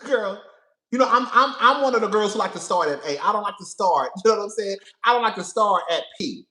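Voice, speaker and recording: Sassy male vlogger, bright tone, laughs a lot, roomy echo. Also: high-pitched, fairly quick. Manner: sassy, profane, laughs often, animated. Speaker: pop culture commentator. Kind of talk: casual reality-TV commentary.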